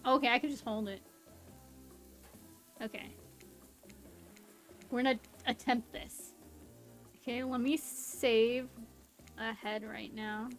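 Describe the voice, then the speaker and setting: A woman streamer commentating her own gameplay, excitable and panicky, laughing often. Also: fairly high pitch, slow pace, pauses often, soft background music. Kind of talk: live game commentary.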